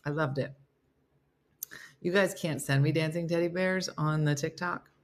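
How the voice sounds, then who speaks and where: A woman's voice: sits low, steady tone, moderate pace. A woman hosting a casual live morning stream, chatty and playful, teasing her viewers. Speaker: host of a live morning show.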